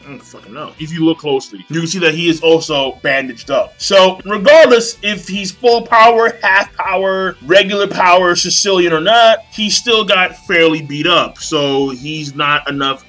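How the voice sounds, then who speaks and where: Excitable man, bright forceful voice, fairly high pitch, casual profane reaction chat. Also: normal speed, few pauses, faint music behind. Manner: excitable, profane, laughs often. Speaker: manga reaction host. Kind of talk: casual live reaction, reading aloud.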